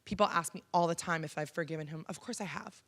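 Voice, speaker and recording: A Canadian woman in her thirties gives a keynote in a college auditorium, telling a personal story frankly and conversationally with frequent ums. Her voice sits low, with a quick pace and a fairly bright tone.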